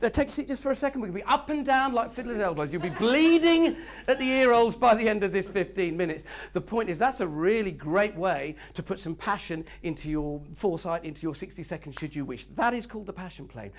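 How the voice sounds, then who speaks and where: A man's voice: high-pitched, fairly bright tone. A man leading a live networking workshop, cheeky and joking, teasing his audience in a meeting room. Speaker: workshop speaker.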